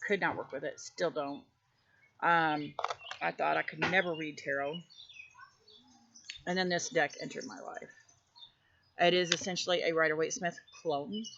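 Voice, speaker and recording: A woman hosts her own channel in a loose, rambling vlog chat full of fillers, recorded outdoors. Her voice has a gravelly, fry-edged texture. The audio is dull and lo-fi, with faint birdsong behind her. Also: deep voice, fairly even intonation, measured pace, long pauses, background noise. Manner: rambling, chatty, many fillers. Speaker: tarot channel host. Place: outdoors near her house.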